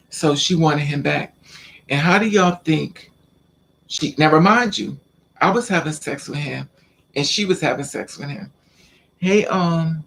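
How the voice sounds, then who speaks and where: Male vlogger, slightly high voice with a gravelly rasp, animated rambling storyteller, casual slang. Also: a little hiss or hum.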